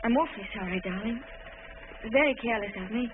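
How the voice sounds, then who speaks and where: An actress playing a shy, nervous young wife who talks in a timid, hesitant, stammering way, in an old film. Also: female voice, fairly high pitch, fast, natural voice. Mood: anxious. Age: young adult. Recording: narrow, noisy old film soundtrack.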